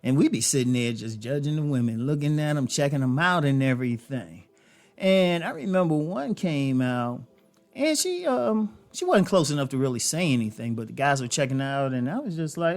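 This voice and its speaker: A man's voice: a little high, expressive, normal speed, faint music behind. A man hosting a dating advice show, speaking to women in a loose storytelling way, with many fillers. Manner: conversational, storytelling, frequent fillers and laughs. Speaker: host. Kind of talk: casual advice monologue.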